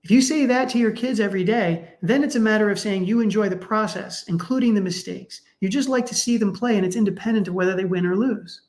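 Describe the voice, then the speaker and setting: A middle-aged man, a sports psychologist guest, speaking in a conversational, animated way and acting out the people in his stories. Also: quick pace, few pauses. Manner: animated, acts out quoted parents with raised pitch. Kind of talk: conversational storytelling.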